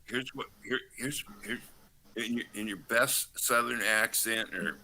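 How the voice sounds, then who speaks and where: A man from California calling in to a live chat and telling a story, with halting restarts. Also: lowish voice, bright, forceful tone, poor audio. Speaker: regular caller. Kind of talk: casual chat.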